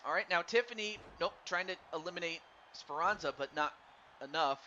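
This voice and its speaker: A man doing live play-by-play commentary on a wrestling game for a stream, excitable and stumbling over his words while chatting with viewers. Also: sits high, a little fast. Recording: dull lo-fi stream mic with faint noise.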